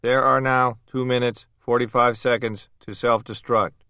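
A man voicing an automated countdown warning in a flat announcing way. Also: mid-range voice, unhurried, dry recording, studio quality, pitched above the performer's own voice. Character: recorded machine warning voice.

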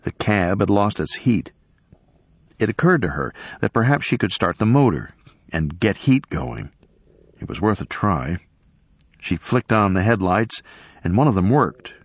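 A man reading a story aloud in measured scripted narration. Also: low voice, breathy edge, no echo. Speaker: audiobook narrator.

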